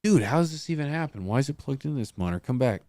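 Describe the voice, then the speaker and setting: A man's voice: medium pitch, lively intonation, fast, darkish tone, no echo, studio quality. A man hosting a casual livestream, laughing and muttering to himself as he sorts out his monitors. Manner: laughing, muttering to himself while fixing tech. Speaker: livestream host.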